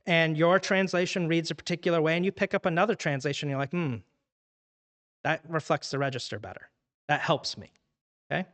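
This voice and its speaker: A man's voice: fairly high pitch, fairly bright tone. A man teaching a church Bible study in a conversational way, asking the class many questions. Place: church room.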